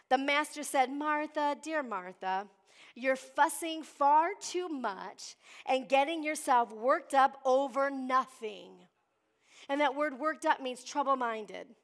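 A middle-aged woman preaching with a high voice. She speaks in the style of a pastor's sermon, tossing questions out to the congregation. She slips into the voices of the story's characters as she goes. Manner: preachy call-and-response, acts out Bible voices.

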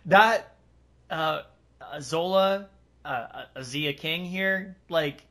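A man co-hosting a podcast, reading a story aloud in a casual, animated way, laughing and swearing freely. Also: a little high, takes it slowly. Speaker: podcast co-host.

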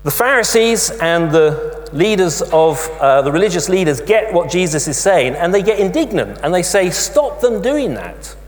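A man preaching a sermon, telling the story in an animated way with emphatic asides. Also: high-pitched, normal speed, few pauses. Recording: long hall reverb with mains hum.

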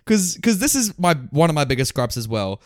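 Lively excitable man, close dry mic. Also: fairly quick, dry recording. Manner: excitable, swings up and down in pitch, laughs and swears often. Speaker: podcast co-host reviewing a film. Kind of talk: casual chat.

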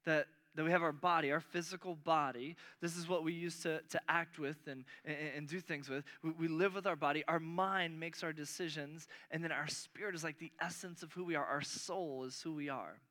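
Male pastor, bright and forceful tone, slightly high, conversational sermon delivery with restarts. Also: steady tone, fairly quick, hardly any pauses. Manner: conversational preaching with frequent restarts, voice rising on key points.

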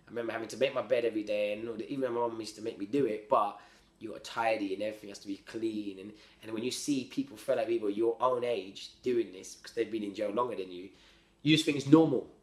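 A man telling his story as a podcast guest in a slangy, rambling, animated way. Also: fairly low pitch, fast talker. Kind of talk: casual storytelling. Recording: roomy echo.

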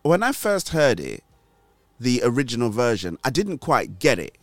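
A man's voice: mid-range voice, wildly swooping pitch, moderate pace, no room sound. A man hosting a casual faith chat, rambling with many restarts and easy laughter. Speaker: host.

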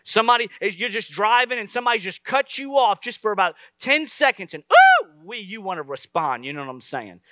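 A man preaching a sermon as pastor, lively and conversational, with asides to the congregation. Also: high voice, fairly quick, hardly any pauses.

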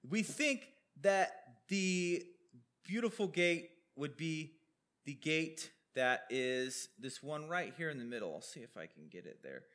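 A man's voice: on the high side, animated, measured pace, fairly bright tone. A man preaching a sermon, explaining a Bible passage over slides in a conversational way, with questions and asides.

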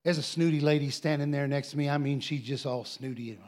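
A man preaching a sermon as a folksy, animated story, laughing often and bursting into loud shouts of praise. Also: fairly high pitch, brisk.

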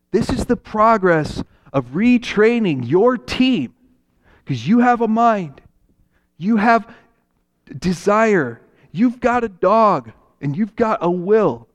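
A male pastor preaching a sermon, telling a story and voicing its characters. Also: high voice. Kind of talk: sermon with acted-out parable.

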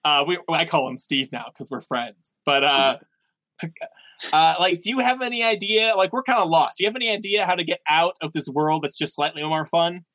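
A man improvising as a player in a tabletop role-play over a call, excitable, playful and rambling. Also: on the high side, normal speed, no room sound.

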